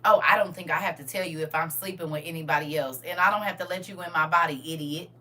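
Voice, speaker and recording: A woman's voice: sits low, fast talker, bright, forceful tone. A middle-aged woman on a podcast, blunt, sassy and emphatic, giving frank relationship opinions in casual chat.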